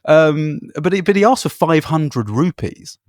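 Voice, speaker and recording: A man's voice: on the high side, expressive, a little slow, a little mellow, no echo, studio quality. A man, co-host of a travel podcast, telling rambling travel anecdotes in casual chat with fillers and laughs.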